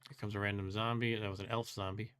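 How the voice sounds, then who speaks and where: A man's voice: lowish voice, little pitch movement, fast, fairly bright tone, clear, resonant tone. A man hosting a let's play, thinking aloud as he plays, musing and second-guessing himself with wry complaints and frequent chuckles. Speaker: host.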